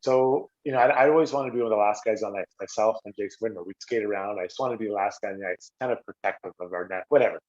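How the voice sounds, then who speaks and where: A man's voice: rapid-fire, hardly any pauses. A middle-aged Canadian man, a former hockey player, telling stories casually on a podcast and acting out quotes with a raised voice. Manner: animated, acts out quotes with raised pitch. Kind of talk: casual storytelling. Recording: slightly dull lo-fi audio.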